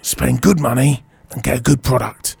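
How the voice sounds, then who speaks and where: A man's voice: mid-range voice, steady tone, normal speed, creaky, slightly rough, no room sound. A man co-hosting a casual radio chat, reading reviews out dryly with chuckles between lines.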